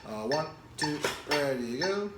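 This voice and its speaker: A man teaching snare drum parts, explaining rhythms casually and counting beats and stickings out loud. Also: a little high, lively intonation, slow, heavy background noise. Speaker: drum instructor. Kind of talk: casual instructional talk. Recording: echoey room with loud drumming.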